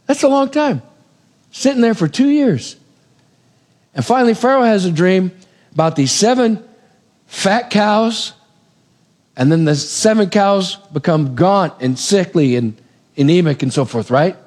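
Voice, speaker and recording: A man preaching a conversational sermon in a church, retelling scripture stories with animated, acted-out quotes. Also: a little high, moderate pace. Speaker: pastor. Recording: long reverb of a hall.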